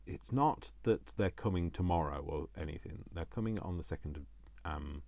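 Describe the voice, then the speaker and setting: A man's voice: sits low, moderate pace, gravelly, warm tone, no echo. A British man chatting casually to himself as he makes a craft project, joking at his own expense. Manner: chatty, self-mocking, talks to himself while working. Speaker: crafting vlogger.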